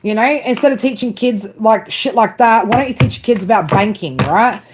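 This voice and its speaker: A woman's voice: on the high side, moderate pace, noisy background. A woman doing a live tarot reading, blunt and casual, swearing often and talking straight to her viewers by name. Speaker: tarot reader.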